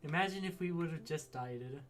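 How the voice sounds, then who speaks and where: A man's voice: on the high side, a little fast, a bit bright, slight background noise. A man joking around while commenting casually on a game he plays with a friend. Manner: joking, goofy. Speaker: let's play gamer.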